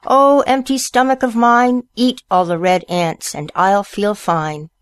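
A woman voicing an angry male turkey who chants his demands in a high sing-song. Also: very animated, a little slow, no echo.

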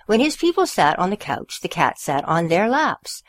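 A woman hosts a small radio show and reads a children's story aloud. Her voice sits low but swings widely as she tells it, and the sound is close and dry. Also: moderate pace, few pauses, dry recording. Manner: expressive storyteller, gentle and warm. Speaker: radio host reading stories. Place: community radio studio.

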